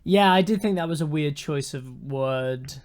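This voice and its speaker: A man's voice: fairly high pitch, unhurried. A young man, co-hosting a podcast in a joking, teasing way. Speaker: podcast co-host. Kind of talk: casual chat.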